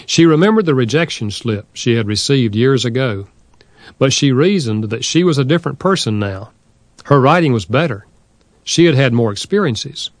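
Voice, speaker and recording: A man narrating a nonfiction audiobook in a steady, measured reading style. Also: medium pitch, no echo.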